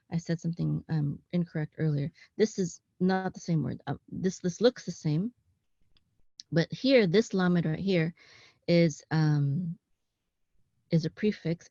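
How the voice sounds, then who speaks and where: Woman, lowish voice, Hebrew teacher, halting casual explainer, dull dry recording. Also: warm tone, no echo. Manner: halting, with frequent ums, self-corrections and "okay?" check-ins. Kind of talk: casual online class, explaining text on screen. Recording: dull lo-fi sound, dry close room.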